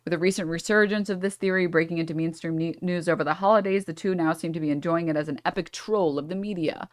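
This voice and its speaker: A woman's voice: fairly low pitch, fast talker. A woman streamer reading a news article aloud and breaking off with sarcastic asides and apologies for her misreadings.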